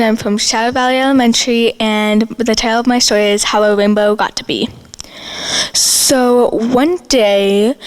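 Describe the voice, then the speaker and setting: Slow, dramatic young girl storyteller. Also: fairly high pitch, rough recording. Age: child. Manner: dramatic telling with voiced, boastful characters. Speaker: student storyteller. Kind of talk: memorized storytelling performance.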